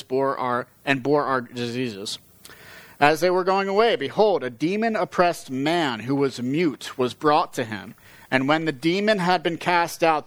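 Bible teacher, male, mid-pitched, dry studio-close voice, steady explanatory reads. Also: no room sound, rough recording. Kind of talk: reading scripture aloud with commentary.

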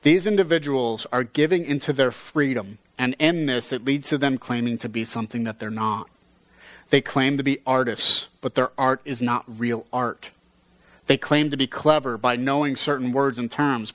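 A man reading a story aloud in a measured voice, then teaching on it earnestly. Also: mid-range voice, a bit bright, dry recording.

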